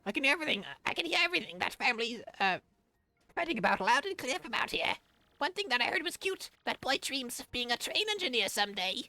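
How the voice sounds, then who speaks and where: A man reading video game characters' lines aloud in a high, sing-song put-on voice. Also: big pitch swings, fast, pushed and bright, no room sound, heavily acted. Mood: playful.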